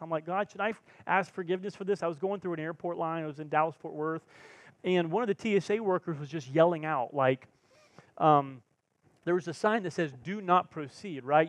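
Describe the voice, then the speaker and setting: A male pastor preaching a sermon, telling personal stories with lively, self-mocking humor and acted-out quotes. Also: fairly high pitch, no echo. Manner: animated storyteller, acts out quotes, laughs at himself. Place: church sanctuary.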